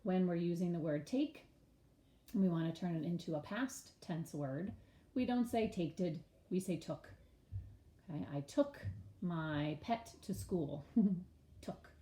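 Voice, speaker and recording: A woman teaching young children their sight words, spelling each word letter by letter in a patient, expressive way. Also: on the low side, unhurried, pauses often, echoey room. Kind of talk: early-grades reading lesson.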